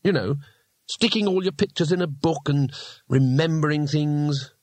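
A man voicing a naive, cheerful male tourist who talks eagerly and politely, pitched above his narrating voice. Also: moderate pace, a little mellow, no echo, lightly acted. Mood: earnest.

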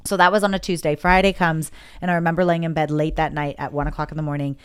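A woman with a low, smooth and resonant voice tells a personal story in a relaxed conversation. She talks with open emotion and often acts out what she and others said. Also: quick pace. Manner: emotional, candid, quotes herself and others.

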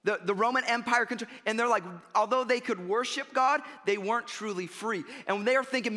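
A man preaching a sermon, animated and conversational, dropping frequent "right?" and "you know" asides. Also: high voice, normal speed, few pauses. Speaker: pastor. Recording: long hall reverb.

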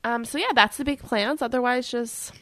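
A woman's voice: a little high, normal speed, a bit bright. Giggly woman co-hosting a podcast. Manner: laughs often, many fillers. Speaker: podcast co-host. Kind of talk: casual chat.

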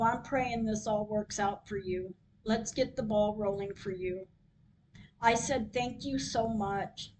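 A woman hosting her own podcast, reading her diary entries aloud in a slow, measured way. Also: on the high side, darkish tone, slight background noise, rough recording. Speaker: podcast host.

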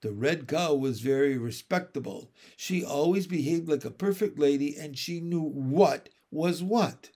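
Slow, measured male storyteller. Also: a little high, dark tone. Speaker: audiobook narrator. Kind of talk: storybook reading.

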